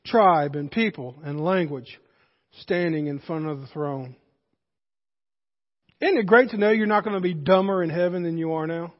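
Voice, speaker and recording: Guy preaching, really high voice, big echoey church, kinda muffled sound, jokes around w the congregation. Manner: emphatic, conversational with joking asides to the congregation. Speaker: pastor. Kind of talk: sermon. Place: church sanctuary. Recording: reverberant hall, dull muffled sound.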